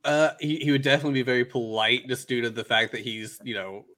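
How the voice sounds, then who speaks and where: A man in casual chat, relaxed and agreeable, rambling through ideas with fillers. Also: mid-range voice, fast talker. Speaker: co-host brainstorming an anime.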